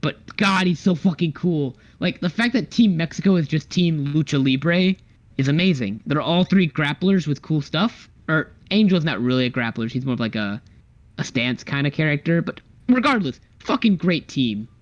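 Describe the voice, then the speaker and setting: A man co-hosting a casual podcast, talking excitedly and swearing a lot as he chats about fighting games. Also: on the high side, normal speed, lo-fi sound. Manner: excited, swears often, acts out character lines. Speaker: podcast co-host. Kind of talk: casual chat.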